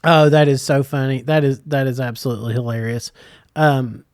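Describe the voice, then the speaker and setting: A man's voice: mid-range voice, fairly even intonation, moderate pace, clean tone, dry recording, clean studio sound. A middle-aged man, co-hosting a podcast in casual chat and telling teasing stories. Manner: joking, teasing storyteller. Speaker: podcast co-host. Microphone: podcast microphone.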